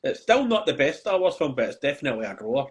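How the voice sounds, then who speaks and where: A man chatting casually on a podcast, animated and swearing freely as he tells stories. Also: medium pitch, fast talker, slightly rough. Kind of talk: casual chat.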